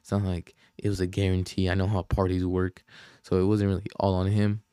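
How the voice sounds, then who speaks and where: A young man on a podcast tells a story in a casual, slang-heavy way, swearing and often losing his thread. His voice is low, dark and relaxed. The sound is dry and close. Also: fairly quick, smooth, no room sound. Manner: rambling, slangy, profane, loses his train of thought. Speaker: podcast host.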